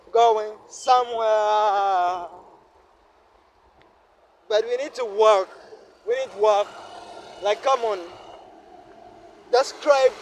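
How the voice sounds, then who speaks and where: A Ugandan man vlogging while walking a rainy city street, musing aloud and asking himself questions over and over. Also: high voice. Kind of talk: reflective walking vlog monologue. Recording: faint street and traffic noise.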